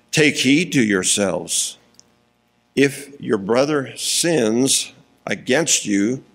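A man preaches a sermon, reading scripture slowly and deliberately, pausing for emphasis and chuckling between points. His voice is lowish and gravelly.

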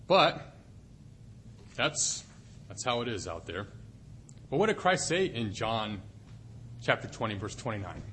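A man's voice: fairly low pitch, sing-song, a little slow, long pauses, fairly bright tone, a little hiss or hum. A man preaching a sermon in a conversational way, asking the listeners questions and reading scripture. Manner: conversational, asks the audience questions.

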